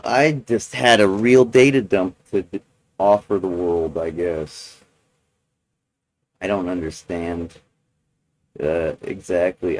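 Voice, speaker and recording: A man recording a personal video journal, talking in a halting, rambling way with many restarts and fillers. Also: deep voice, a little mellow, poor audio.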